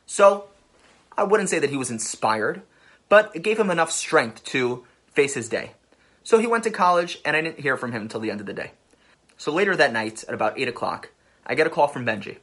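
Male rabbi, emphatic storyteller, husky bright tone, very lively delivery. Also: mid-range voice, brisk. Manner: emphatic, building to passionate peaks. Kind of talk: inspirational storytelling talk.

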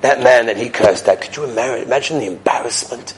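A man giving a weekly Torah lecture, an animated storyteller who acts out the dialogue and swings between loud exclamations and soft asides. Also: mid-range voice, a little fast, slight background noise, low-quality recording. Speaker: Torah teacher.

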